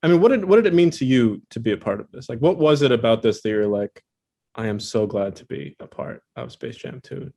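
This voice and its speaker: A man's voice: mid-range voice, big pitch swings, a little fast, creaky, mellow. A man hosting an interview, asking questions in an enthusiastic, chatty way. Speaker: interviewer host. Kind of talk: casual interview chat.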